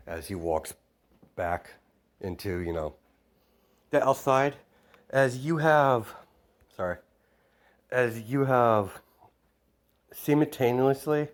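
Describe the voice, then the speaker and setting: Slow, low-voiced man rambling through a story. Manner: rambling, full of fillers and restarts. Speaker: narrator. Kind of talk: casual retelling of a fan-made story.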